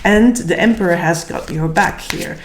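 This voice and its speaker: A woman giving a casual tarot reading, slightly hoarse and tired, thinking aloud and searching for words. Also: on the low side, normal speed, a little hiss or hum. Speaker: tarot reader. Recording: echoey room.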